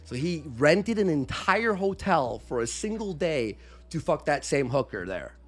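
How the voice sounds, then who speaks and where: A man's voice: a little high, very animated, unhurried, soft background music. A man telling a heated story with lots of swearing, acting out quotes in a raised voice. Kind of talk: animated storytelling with profanity.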